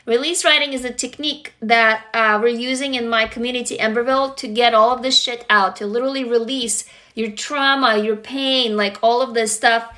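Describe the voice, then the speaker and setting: This livestream host is a Russian woman, Russian her first language, with a fairly high, bright voice that is steady and forceful at a moderate pace. She chats openly and lovingly with viewers, greeting commenters and swearing occasionally.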